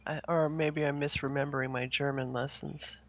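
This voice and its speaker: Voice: mid-range voice, level tone, moderate pace, gravelly. A co-host on a live online game tour, chatting and welcoming viewers in a playful, upbeat way. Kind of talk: casual chat on a live stream. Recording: dull lo-fi audio.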